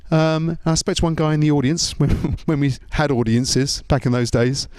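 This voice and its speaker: A man's voice: fairly high pitch, moderate pace, clean tone, no room sound, clean studio sound. A man from Britain with a British accent, doing a jokey stand-up routine as a comedian and MC, acting out little voices. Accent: British English. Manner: animated, jokey, acts out voices.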